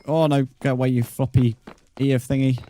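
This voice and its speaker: A man's voice: medium pitch, little pitch movement, normal speed, mellow. A man in his twenties, streaming a game live and chatting casually with viewers, swearing often. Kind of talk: casual live gameplay commentary.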